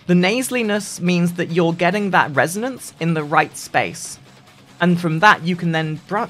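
A gaming streamer giving a casual voice-training tutorial in a lively, sing-song way, often restarting sentences. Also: moderate pace, soft background music. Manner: lively, sing-song delivery with frequent restarts, dropping into deep demo voices.

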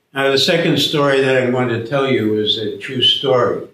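A man's voice: medium pitch, moderate pace, few pauses, fairly bright tone. A man giving a sermon, telling a story and acting out the voices of its characters. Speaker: preacher. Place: church. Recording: echoey church from far off.

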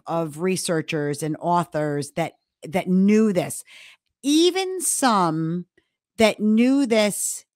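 A woman's voice: mid-range voice, no echo, studio quality. A middle-aged woman co-hosting a podcast, explaining her points emphatically in casual talk. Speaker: podcast co-host.

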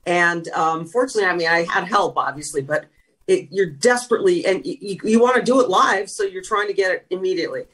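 A woman's voice: fairly low pitch, fast, fairly bright tone, slightly rough, far from the mic. A woman in a conversational interview, a former sideline reporter, telling reflective and emotional stories. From California. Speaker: guest, retired sideline reporter.

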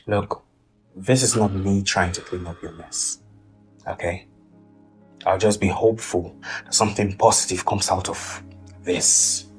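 An actor playing a blunt, exasperated friend who lectures and scolds. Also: male voice, sits low, unhurried, pauses often, a little mellow, soft background music. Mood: scolding.

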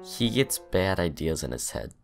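A man reading dry scripted narration between gameplay clips in a flat, matter-of-fact way. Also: low-pitched, moderate pace, vocal fry, over loud music. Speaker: video editor narrating.

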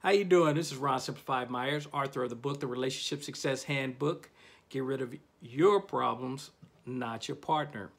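A man, a self-help author and host, giving a casual motivational talk to camera and telling stories with big swings in pitch and loudness. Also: normal speed.

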